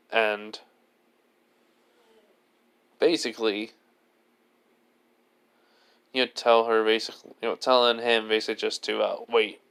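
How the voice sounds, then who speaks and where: A man's voice: medium pitch, fairly bright tone, smooth. A man casually improvising a fan story, rambling and leaning heavily on filler words. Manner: rambling, leans on "basically" and "you know" fillers.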